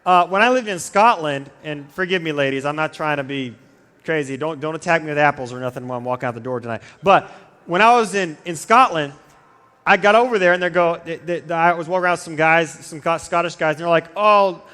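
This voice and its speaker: A man with a fairly high voice preaches to a youth group in a loose, joking way, wandering into side stories and breaking off his own sentences. His voice rings out with a long reverb through a large church hall. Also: fast talker, fairly bright tone, clear, resonant tone. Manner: rambling, digressive, self-interrupting. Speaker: youth pastor. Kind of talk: casual humorous youth sermon.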